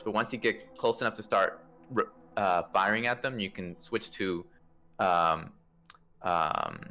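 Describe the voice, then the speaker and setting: A man casually organizing a space game play-test, explaining maneuvers with fillers and restarts. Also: low voice. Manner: instructive, relaxed, many fillers and restarts. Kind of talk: casual game coordination over voice chat.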